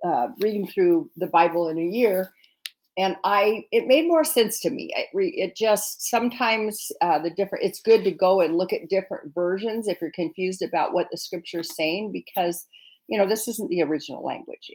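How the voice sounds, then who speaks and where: Low-voiced woman reading scripture. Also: a little mellow. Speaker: scripture reader, co-host. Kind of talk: casual chat and Bible reading.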